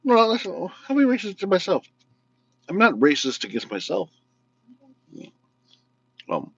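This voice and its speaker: A man's voice: mid-range voice, very animated, moderate pace, long pauses, fairly bright tone, no echo, dull audio. A man from Illinois hosting his own video show, talking in a blunt, joking, ranting way, with slightly slurred, mumbly speech. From United States, Illinois. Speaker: vlog host. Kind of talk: casual political rant to camera.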